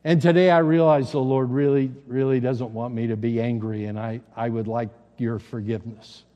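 A man's voice: medium pitch, steady tone, moderate pace, mellow, in a large hall, lo-fi sound, pitched below the performer's own voice, close to an everyday voice. A pastor quoting an aggrieved churchwoman. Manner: plain retelling with hesitant repeats. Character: aggrieved middle-aged woman churchgoer holding a grudge.

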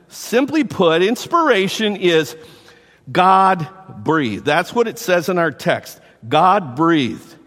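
A man preaching a teaching sermon to a congregation. He repeats key words slowly and asks the listeners questions. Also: on the high side, a bit bright. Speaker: pastor. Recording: long hall reverb.

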